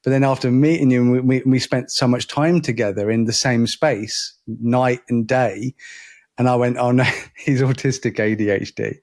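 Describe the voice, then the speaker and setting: Man, casual podcast chat, mid-pitched, rambly, laughs a lot, restarts sentences. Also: steady tone, normal speed, darkish tone. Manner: rambling, self-correcting, laughs often. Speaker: podcast co-host.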